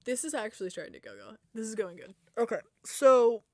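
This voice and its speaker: A woman streaming game design work at her computer, thinking aloud and trailing off into quiet mutters at a desk microphone, with keyboard typing behind her. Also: mid-range voice, expressive, racing, creaky, no room sound. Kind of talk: live-streamed coding and design talk. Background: keyboard typing and clicks.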